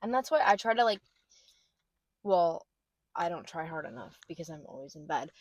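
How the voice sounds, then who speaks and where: A woman's voice: on the low side, animated, normal speed, darkish tone, no echo. A young woman co-hosting a casual podcast chat, rambling and trailing off between "like" fillers. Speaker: podcast co-host.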